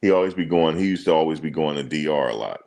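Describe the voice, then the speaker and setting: Very deep gravelly-voiced man chatting. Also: quick pace. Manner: relaxed slangy banter, thinks aloud with ums. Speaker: reaction streamer. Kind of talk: casual chat reading viewer comments.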